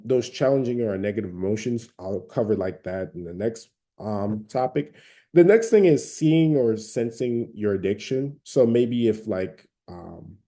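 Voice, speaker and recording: Dark-voiced man with a Southern accent. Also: on the low side. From Atlanta, Georgia. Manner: conversational, frequent fillers and hedges. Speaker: speaker giving recovery advice. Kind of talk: casual advice talk.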